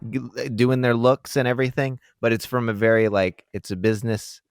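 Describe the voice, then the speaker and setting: A man co-hosting a podcast, relaxed and good-humored, talking through a TV episode. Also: medium pitch, brisk, clean tone, dry recording, studio quality. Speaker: podcast co-host. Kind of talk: casual chat about a TV show.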